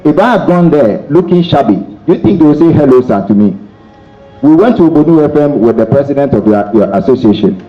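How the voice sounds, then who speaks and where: A man speaking as the special guest at a seminar, emphatic and repeating his key phrases between pauses. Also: a little high, expressive, soft background music. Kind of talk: motivational seminar talk. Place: seminar hall. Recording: dull echoey hall, faint noise.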